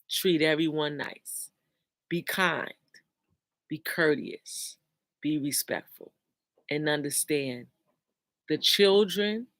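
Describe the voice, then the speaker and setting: A host reads out viewer comments and offers casual motivational talk woven with scripture, repeating key lines for emphasis. The voice is mid-range and fairly bright, with no echo.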